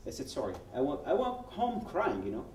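Guy in his 40s, talking to a crowd, dark mellow voice, acts out the dialogue, mic far off in an echoey hall. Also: fairly high pitch, a little fast, a little hiss or hum. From Yemen. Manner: animated, acts out quoted dialogue, frequent restarts. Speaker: guest speaker at a public event. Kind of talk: personal testimony told as a story. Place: event hall.

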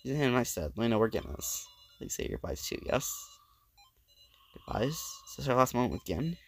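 Male let's play host with a gravelly, creaky voice, reading game dialogue aloud with stammering dramatic reads. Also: medium pitch, big pitch swings, brisk, a little hiss or hum.

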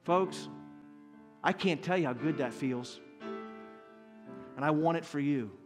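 A pastor in his fifties delivers a heartfelt sermon in a slightly higher-than-usual man's voice. He speaks earnestly and swells into loud, emphatic peaks. Faint music plays softly behind him. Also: measured pace. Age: 50s.

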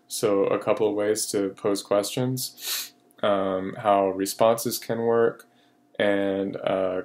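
A man teaching a recorded French lesson, slow and patient with many fillers, repeating each French phrase. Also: on the low side, darkish tone.

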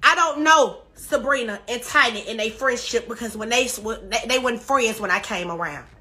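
A woman's voice: a little high, moderate pace, sharp tone. A woman crying as she rants on a live stream, repeating emphatic, defensive denials. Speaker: social media personality on a live stream. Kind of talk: emotional livestream rant.

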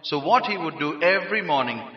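A man from India preaching a sermon, emphatic and rising to shouts on key phrases. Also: fairly high pitch, animated, brisk. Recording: roomy hall, dull lo-fi sound.

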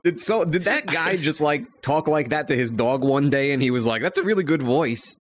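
A man's voice: fairly high pitch, animated, normal speed. A man chatting and joking while gaming with a friend, swearing and laughing a lot. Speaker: co-streamer. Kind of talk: casual chat while gaming.

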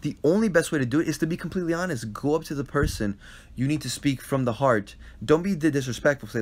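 A man with a fairly high, darkish voice talks quickly while hosting a casual live-stream Q&A over a phone. He earnestly answers viewer questions about life and relationships, repeating himself often and checking in with "right?"

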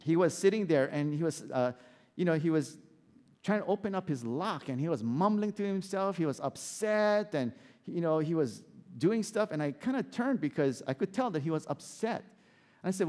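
A man preaching a sermon as pastor, animated and asking the congregation rhetorical questions. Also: a little high, normal speed, long reverb tail.

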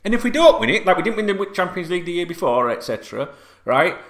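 A man vlogging as a football fan, rambling and swearing a lot, repeating himself and bursting into shouts, sitting at home. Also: sits high, very animated, fast. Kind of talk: excited unscripted video rant. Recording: echoey room.

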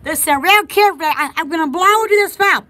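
A woman's voice: very high voice, brisk, pushed and bright, a little hiss or hum. A woman hosting a live online sale, chatting casually and giggling often. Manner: giggly and playful. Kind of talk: casual livestream chat.

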